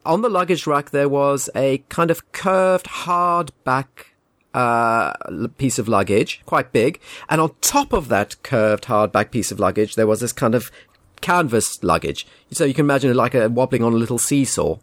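A man's voice: mid-range voice, expressive, moderate pace, fairly bright tone, dry recording. A man telling a casual anecdote in a wry, indignant, rambling way. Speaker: storyteller.

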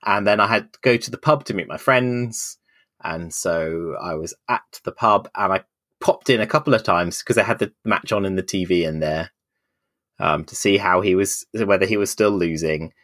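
A man's voice: low voice, normal speed, no echo. A man in his forties co-hosting a casual podcast, telling a long anecdote in a dry, wry way. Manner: dry, wry anecdotes, acts out quoted voices loudly. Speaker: podcast co-host. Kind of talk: casual chat, storytelling.

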